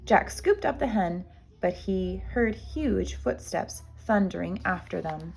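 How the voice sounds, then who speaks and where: A woman, a kindergarten teacher, reading a storybook aloud to children with expressive storytelling. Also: medium pitch, takes it slowly, creaky, soft background music.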